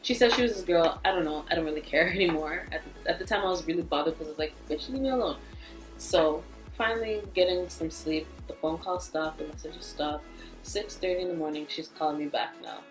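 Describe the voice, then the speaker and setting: Low-voiced woman, blunt storytime vlog. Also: brisk. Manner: blunt, profane, fired-up storytelling. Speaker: vlogger. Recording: echoey room, faint music.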